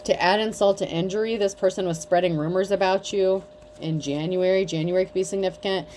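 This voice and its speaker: A woman's voice: medium pitch, fairly even intonation, brisk, a little mellow, slight background noise. A woman giving a casual tarot reading, talking bluntly with lots of swearing and mockery. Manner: blunt, profane, mocking. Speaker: tarot reader.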